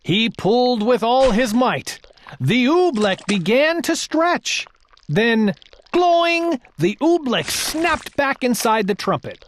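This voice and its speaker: Animated woman reading a storybook. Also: on the high side, slow, a little hiss or hum. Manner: expressive, animated narration. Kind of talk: storybook read-aloud.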